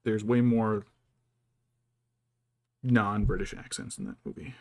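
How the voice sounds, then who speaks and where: A man's voice: on the low side, big pitch swings, slow pace, vocal fry, no room sound. A man chatting casually as he paints miniatures, thinking aloud and muttering to himself. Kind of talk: casual chat while working.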